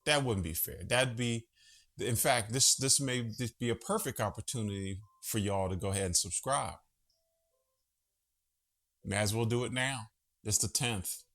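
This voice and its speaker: A man's voice: medium pitch, measured pace, long pauses, a bit bright. A man hosting a casual monologue vlog from home, chatty, profane and easily sidetracked. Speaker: vlogger host.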